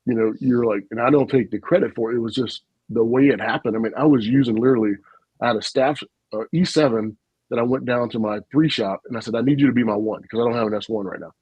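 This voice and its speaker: A man, a retired army officer, telling stories in an animated, folksy way on a casual podcast. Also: mid-range voice, fast, husky, dry recording, lo-fi sound. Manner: animated, folksy storyteller with frequent asides and laughs.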